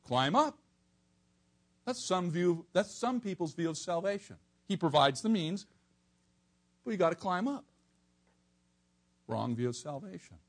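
A man preaching an expository sermon to a congregation, animated, swinging from soft asides to near-shouted emphasis. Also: high-pitched, normal speed, pauses often, slightly rough.

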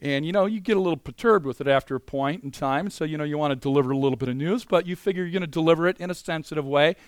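Man, preacher, sermon, animated, conversational, fairly high voice, dry sound. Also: racing, no room sound. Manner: animated, swings between loud emphasis and quiet asides; conversational, many "you know" fillers.

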